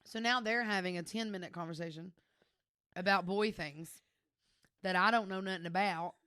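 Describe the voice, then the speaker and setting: A woman's voice: on the low side, normal speed, pushed and bright, no echo. Young woman on a podcast, chatty, laughs a lot, dry close mic. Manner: chatty storyteller, laughs often. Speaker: podcast co-host. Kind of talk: casual chat.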